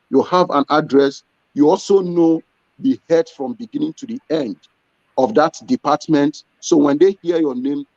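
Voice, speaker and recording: A man's voice: on the high side, vocal fry, darkish tone, no room sound. A man, a business owner, answering interview questions in an earnest storytelling way. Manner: earnest, storytelling with acted quotes. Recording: dull lo-fi sound.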